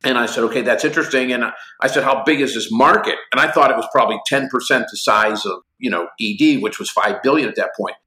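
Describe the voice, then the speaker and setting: Animated storyteller man in his sixties, bright voice. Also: medium pitch, quick pace, hardly any pauses, echoey room. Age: 60s. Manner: lively anecdotes acting out both sides of conversations. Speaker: guest, company executive.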